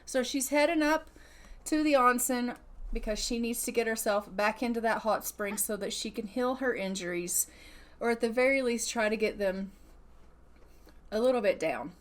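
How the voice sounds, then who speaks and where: A woman's voice: on the high side, moderate pace. A young adult woman giving casual gameplay commentary, chatty and swearing freely while voicing her character. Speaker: gaming YouTuber narrating her Sims play.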